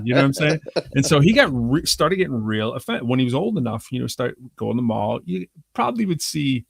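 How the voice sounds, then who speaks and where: Brief: male host, gravelly, dry close sound, chatty storyteller who acts out every quote. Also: medium pitch, very animated, a little fast, no room sound. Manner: chatty, frequent "you know what I'm saying". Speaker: rapper. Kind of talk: casual conversation.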